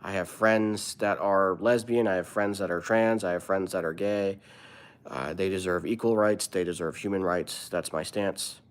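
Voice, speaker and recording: A man's voice: low-pitched, steady tone, normal speed, clear, resonant tone. A man who is a comedian, live streaming and answering his viewers' chat in an earnest, opinionated way.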